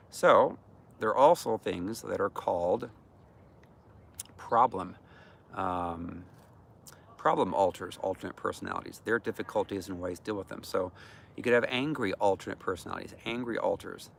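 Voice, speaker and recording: A man's voice: fairly low pitch, normal speed, vocal fry, slight background noise. A man giving an informal, earnest teaching talk on healing, speaking conversationally with many fillers. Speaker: deliverance minister.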